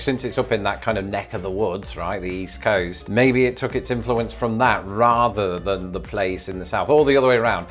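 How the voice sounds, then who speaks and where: A man's voice: lowish voice, normal speed, hardly any pauses, a bit bright, faint music behind. A man with an English accent hosting a casual vlog, playfully sounding out tricky words again and again as he guesses. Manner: playful, repeats words over and over sounding them out. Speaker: YouTube host.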